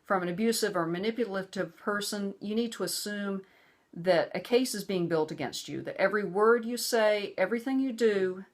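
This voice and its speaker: A middle-aged woman telling a personal story to camera, earnest and emphatic, giving lecturing advice. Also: lowish voice. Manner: acts out quoted voices, hushed and soothing or raised and angry. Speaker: vlogger.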